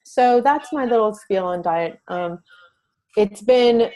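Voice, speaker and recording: Earnest talkative mom, mellow voice. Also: female voice, mid-range voice, lively intonation, slow pace, rough recording. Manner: earnest, talkative with many restarts. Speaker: guest, parent advocate. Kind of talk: interview talk.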